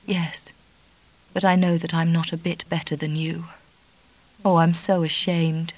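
A woman's voice: fairly low pitch, flat delivery, unhurried, dry recording. A woman reading an audiobook, voicing a grieving young woman who sobs and pleads through tearful outbursts. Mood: ashamed. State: crying.

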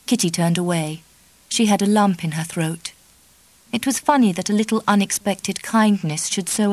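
Female audiobook narrator, mid-pitched, measured and even delivery. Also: no room sound, rough recording. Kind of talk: scripted narration.

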